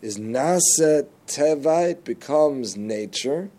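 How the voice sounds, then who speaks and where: A man giving a religious lesson, telling jokes and stories, with animated jumps in pitch on key words. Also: takes it slowly. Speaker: Torah teacher.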